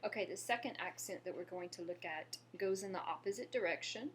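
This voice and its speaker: A woman from Louisiana teaching a French lesson, patiently explaining and pausing to have listeners repeat after her. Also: lowish voice, slight background noise. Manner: patient, slows down to model pronunciation and asks viewers to repeat. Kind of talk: language lesson.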